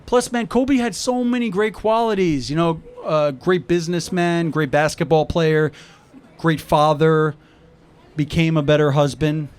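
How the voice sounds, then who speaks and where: This man is a New York stand-up working an outdoor rooftop set, delivering conversational jokes and acting out exchanges with friends. His pitch is fairly high, his intonation fairly even, and his pace unhurried, with slight background noise.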